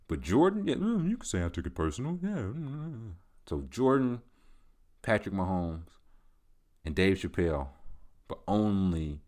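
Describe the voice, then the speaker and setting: A male podcast host riffing alone in a loose, joking, boastful manner. His voice sits very low and heavy. He treats his commentary like a comedy bit.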